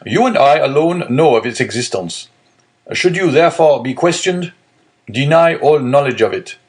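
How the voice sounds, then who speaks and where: A man voicing an agitated young male prosecutor who gives urgent, forceful orders. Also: medium pitch, lively intonation, moderate pace, voice pushed up, lightly acted.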